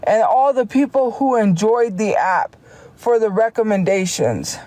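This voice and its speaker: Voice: mid-range voice, lively intonation, mellow. Heated livestreamer ranting casually. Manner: heated, talks fast and restarts sentences often. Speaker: live streamer.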